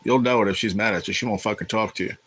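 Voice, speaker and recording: A man's voice: lowish voice, very fast, a bit bright, a little hiss or hum, poor audio. A man hosting a casual livestream, talking in a blunt, profane, irritated way. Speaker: livestream host.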